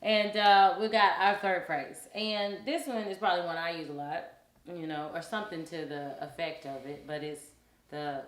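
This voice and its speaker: A woman with a fairly low voice talks through her habits on a podcast, earnest and playful. The room gives her voice a noticeable echo. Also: steady tone, normal speed. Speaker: podcast co-host. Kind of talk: casual chat.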